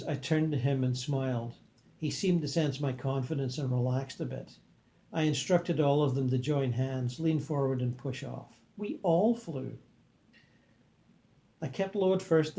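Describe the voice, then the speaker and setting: A man reading a book aloud in a calm, earnest manner and adding his own comments. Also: mid-range voice. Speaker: reader and commentator.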